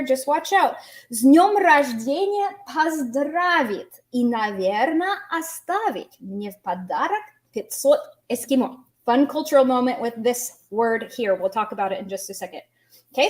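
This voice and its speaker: Patient woman teaching a language lesson. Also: fairly high pitch. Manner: patient, explains slowly, asks students questions.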